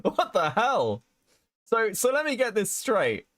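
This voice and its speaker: Sweary man ranting, lively pitch. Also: takes it slowly, dry recording, clean studio sound. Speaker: podcast host. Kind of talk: casual drama commentary.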